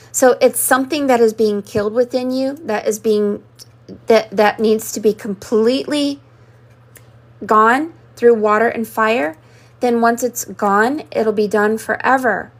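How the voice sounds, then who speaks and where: A woman hosting a live-stream scrying session, talking in a rambling, mystical way that jumps from symbol to symbol. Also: a little high. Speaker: spiritual reader.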